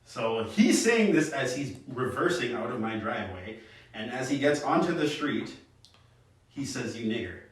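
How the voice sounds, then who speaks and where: A man's voice: medium pitch, big pitch swings, measured pace. A man co-hosting a casual podcast, telling profane anecdotes in streetwise slang. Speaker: podcast co-host. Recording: echoey room, somewhat distant mic.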